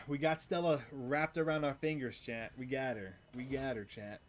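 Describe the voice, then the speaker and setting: A man's voice: mid-range voice, steady tone, moderate pace, few pauses, slight background noise. A man streaming a horror visual novel, reading it aloud and chatting with his viewers. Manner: chatty, talks to chat. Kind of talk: live game commentary, reading aloud.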